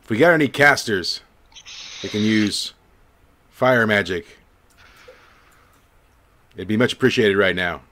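A man voicing a commanding male guard captain who barks orders loudly. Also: lowish voice, normal speed, a little hiss or hum, natural voice.

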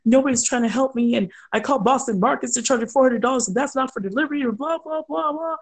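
A woman putting on the voice of a panicked, gushing bride in a high, breathless tone. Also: fast talker. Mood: frantic.

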